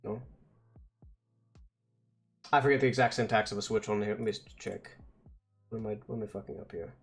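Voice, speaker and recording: A man's voice: lowish voice, fairly quick, creaky, faint music behind. A man on a casual stream, muttering and swearing at his code as he debugs, then explaining it step by step. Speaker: vtuber streamer. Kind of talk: casual coding stream talk.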